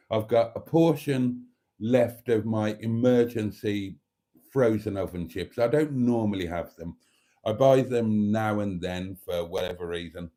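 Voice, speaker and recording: Fond and camp in manner, a man hosting his channel meanders through casual talk with his audience while seated at an indoor table. His pitch is fairly low and his tone mellow.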